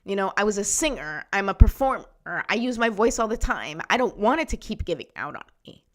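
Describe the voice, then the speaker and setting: A woman's voice: medium pitch, big pitch swings, a little fast. A woman host giving a casual motivational talk to viewers, chatty and encouraging, often checking in with "right?", her voice sometimes thinning out. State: voice sometimes gives out.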